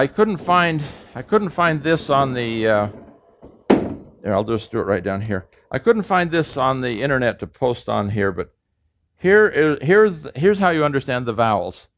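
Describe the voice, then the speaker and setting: A man's voice: mid-range voice, very animated, moderate pace, noisy background. Man lecturing in a dull lo-fi recording. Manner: explanatory, demonstrates sounds, many fillers. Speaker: professor. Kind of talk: classroom lecture. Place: lecture room.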